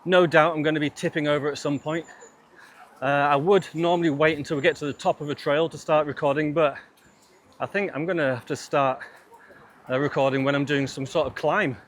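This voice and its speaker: Guy chatting away on a bike trail outside, kinda high voice, laughs a lot, faint noise behind. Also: steady tone, brisk. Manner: chatty, laughs often between remarks. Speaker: mountain bike vlogger. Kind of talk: casual chat while riding. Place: outdoors on a forest bike trail.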